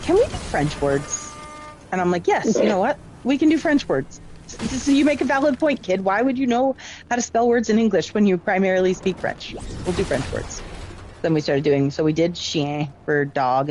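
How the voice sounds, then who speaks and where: Middle-aged woman, lowish voice, chatty gamer telling stories to friends. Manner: chatty storytelling, lively retelling of exchanges. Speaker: parent and gamer. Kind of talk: casual chat while gaming.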